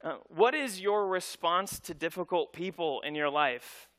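Guy preaching, tells stories with lots of voices, high bright tone. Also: a little slow. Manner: conversational, animated storytelling with voiced quotes. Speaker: pastor. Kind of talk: storytelling sermon.

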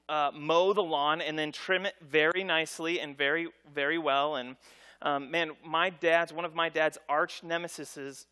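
Middle-aged male pastor, casual storytelling sermon, bright higher voice. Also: clean tone. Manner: conversational, animated storytelling with voiced quotes.

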